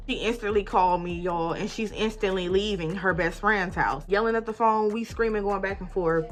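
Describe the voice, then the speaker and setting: Animated young woman telling a storytime. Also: medium pitch, normal speed, few pauses, faint music behind. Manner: animated, emphatic storytelling, often addressing listeners as y'all; acts out both sides of arguments, rising loud when retelling fights. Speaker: vlogger. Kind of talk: casual storytime while getting ready.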